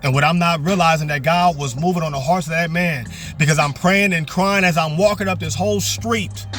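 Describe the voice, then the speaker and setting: A man's voice: fairly high pitch, a little fast, a bit bright, soft background music. A man preaching a fervent, repetitive sermon from his parked car. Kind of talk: motivational sermon.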